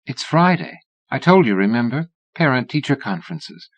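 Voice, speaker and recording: A male audiobook narrator voicing a witty, playful woman in her thirties, with a teasing, lively delivery. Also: medium pitch, normal speed, lo-fi sound, voice pushed up.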